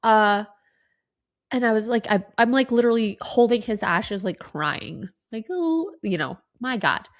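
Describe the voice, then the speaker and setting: Woman, 30s, podcast host, candid and sweary, gravelly tone, tearful and sniffly. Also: medium pitch, measured pace. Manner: candid, swears freely, lots of "like". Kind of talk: casual solo podcast talk.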